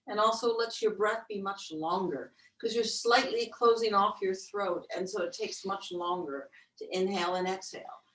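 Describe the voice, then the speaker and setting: A woman yoga instructor leading a webcast breathing class, with slow, gentle counted cues. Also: mid-range voice. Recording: roomy, distant webcast audio.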